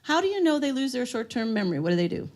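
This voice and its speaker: In a room with an audience, a woman with a fairly high, sing-song voice races through a live seminar talk on dementia care. She tells stories and asks the room questions.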